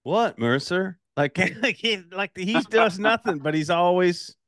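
A man's voice: sits high, measured pace, a bit bright, no room sound, clean studio sound. Laughing, chatty male podcast host. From Ireland. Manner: storytelling, laughing, lots of "like". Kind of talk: casual interview chat.

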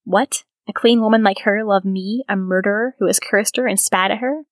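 Mister Sean, a hardened convict, read by a woman with a gravelly voice. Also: sits high, steady tone, moderate pace, no echo, studio quality. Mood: stunned. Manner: incredulous, gasping. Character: hardened male murderer prisoner, bitter then stunned.

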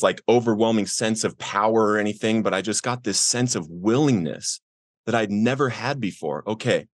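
A middle-aged man earnestly telling his personal recovery story as a podcast guest, voicing the people in it with raised pitch. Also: no room sound, clean studio sound. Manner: earnest, acts out quoted voices with rising pitch.

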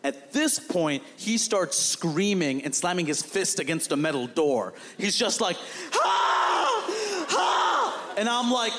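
A man performing stand-up comedy on a theater stage, telling a story with animated, acted-out quotes. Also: high-pitched, measured pace, few pauses, big-room sound.

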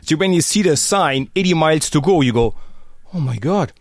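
A man and former pro cyclist chatting casually on a podcast, telling stories with animated flair and acting out the people he quotes. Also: a little high, brisk, no room sound, clean studio sound. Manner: animated storyteller, acts out quoted speech. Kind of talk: casual podcast chat, storytelling.

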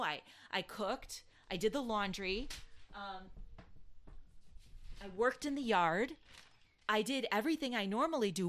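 A woman co-hosting a podcast, telling a family story in casual chat with lots of restarts. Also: mid-range voice. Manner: animated storyteller, many restarts and fillers. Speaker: podcast co-host.

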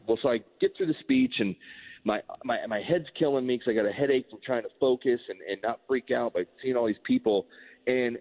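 A middle-aged man, a former relief pitcher, telling a story in a casual interview and acting out the quoted dialogue as he goes. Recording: tinny phone-line sound.

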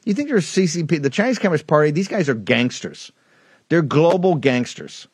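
A man's voice: a little high, big pitch swings, normal speed, husky, dry recording. A man hosting a political talk show, ranting in a heated, rambling way with many restarts and asides. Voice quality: rambling, fired up, frequent restarts. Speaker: host.

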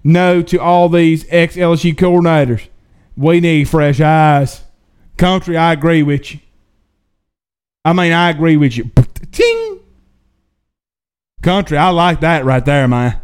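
Animated sports host, high voice. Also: male voice, measured pace, clear, resonant tone. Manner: animated, drawling, folksy asides. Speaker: sports talk show host. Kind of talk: casual live-stream chat reading viewer questions.

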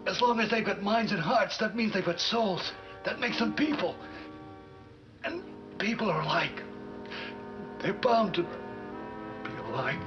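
A dying astronaut pleads to be carried outside. His voice sits high and strained. The dull old TV soundtrack swells with loud music underneath. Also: expressive, measured pace, pauses often. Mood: earnest. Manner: earnest, urging.

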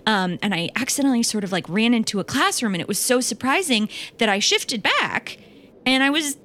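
A woman playing a werewolf, bubbly, rambling, lively high voice, comedy audio drama. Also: a little fast. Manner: bubbly, giggly, rambling storyteller.

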